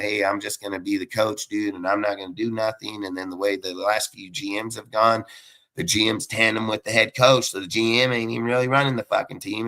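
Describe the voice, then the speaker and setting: A man's voice: fairly low pitch, creaky, a bit bright. A man on a sports podcast panel, ranting heatedly about his football team, swearing constantly and rambling from point to point. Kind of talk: profane sports rant.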